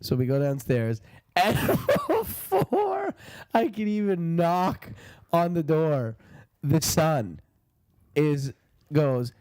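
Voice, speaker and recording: A man co-hosting a podcast, chiming in with quick remarks and giggles during casual chat. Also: a little high, sing-song, a little mellow, no echo, studio quality. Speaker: podcast co-host.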